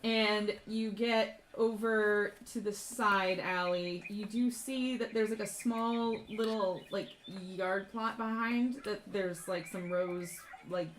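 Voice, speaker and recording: A woman running a tabletop game as game master, describing the scene in a halting way full of fillers. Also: mid-range voice, fairly even intonation, a little hiss or hum.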